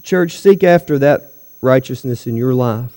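A man's voice: medium pitch, expressive, unhurried, warm tone. A man preaching a sermon to his church, emphatic and full of rhetorical questions to the congregation. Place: church hall. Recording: long hall reverb.

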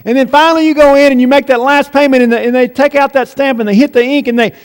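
A man preaching a sermon, emphatic and slowing right down on key phrases. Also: extremely high pitch, fairly even intonation. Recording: long reverb in a big room.

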